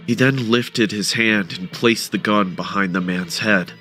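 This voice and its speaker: A man narrating a first-person horror story with a dramatic, expressive delivery. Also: on the low side, unhurried, few pauses, faint music behind.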